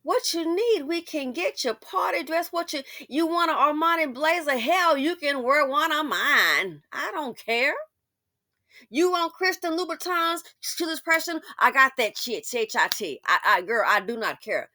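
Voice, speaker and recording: Animated sassy woman commentator. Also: sits high, a little slow, no room sound, studio quality. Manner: animated, sassy, talks straight to the listener. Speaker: commentary channel host. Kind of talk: casual commentary.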